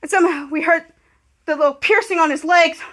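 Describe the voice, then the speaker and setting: A woman hosting a podcast, excitedly retelling a TV episode scene by scene and quoting the characters' lines. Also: very high-pitched, fairly quick. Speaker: podcast host. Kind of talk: casual episode recap.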